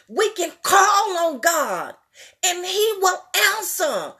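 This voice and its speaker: A middle-aged woman preaches a fervent sermon at a very slow, drawn-out pace. Her voice sits high and bright, swinging widely in pitch as she repeats and cries out her lines. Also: sing-song. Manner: fervent, repetitive, rising into emotional crying-out.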